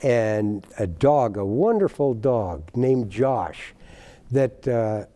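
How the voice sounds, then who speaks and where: Animated older man telling a folksy story. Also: medium pitch, slow pace. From United States. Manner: animated folksy storyteller, voices the people in his tales. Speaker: guest, baker. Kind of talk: storytelling in a TV interview.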